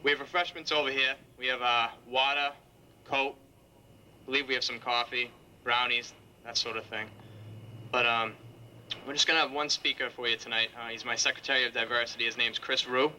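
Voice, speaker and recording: A young man organizing a campus event, giving quick, informal announcements with fillers. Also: mid-range voice, fairly even intonation, pushed and bright, a little hiss or hum, poor audio.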